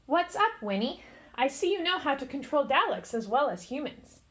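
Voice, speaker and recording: A woman's voice: a little high, sing-song, moderate pace, pushed and bright. A woman voicing a wry, eccentric gray-haired male time-traveller in a storybook, full of playful asides.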